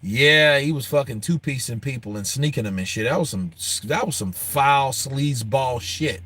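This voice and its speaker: Guy hosting a boxing stream, swears a lot, laid back storytelling, regular pitch. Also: lively intonation, normal speed, sharp tone. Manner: loose, profane storytelling with frequent laughs. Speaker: boxing show host. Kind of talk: casual live-stream chat.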